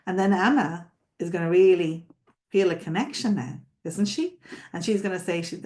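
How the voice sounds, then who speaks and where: A woman's voice: on the low side, moderate pace, dark tone. A woman coaching florists on selling, explaining in a conversational way and often checking in with her listeners. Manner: explains with frequent check-in questions and repetitions. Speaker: sales coach teaching florists. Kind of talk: spoken teaching.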